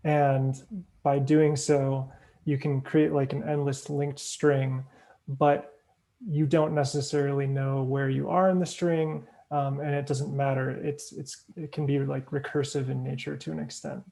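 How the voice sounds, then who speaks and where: A man in a casual book club discussion on a video call, explaining ideas hesitantly with many pauses. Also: mid-range voice, flat delivery, vocal fry, dark tone. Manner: hesitant, lots of ums, explains slowly.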